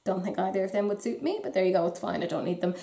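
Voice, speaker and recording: Irish woman, casual beauty vlog, wry asides, medium pitch, roomy echo. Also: racing, creaky, warm tone. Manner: chatty, wry, self-deprecating asides. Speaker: beauty vlogger. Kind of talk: casual chat about makeup releases.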